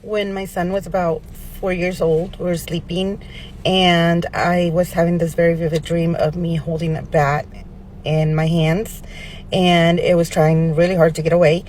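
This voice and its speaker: A mother calmly telling a soft-spoken story about her son. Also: on the low side, normal speed, a little hiss or hum. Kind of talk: casual storytelling.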